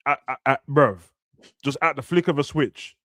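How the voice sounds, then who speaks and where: A man's voice: mid-range voice, normal speed, fairly bright tone, no room sound, studio quality. A young man, chatting casually about football and acting out players' words in slangy talk. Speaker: football podcast host. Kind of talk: casual chat.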